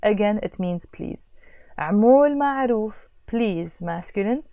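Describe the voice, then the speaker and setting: A woman teaching a language lesson, patiently explaining and repeating phrases slowly. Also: mid-range voice, animated, dark tone, dry recording, clean studio sound.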